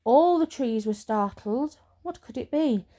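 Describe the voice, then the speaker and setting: A woman reading children's stories aloud in a soft-spoken, soothing ASMR style. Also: fairly high pitch, expressive. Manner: slow and soothing. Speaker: storyteller.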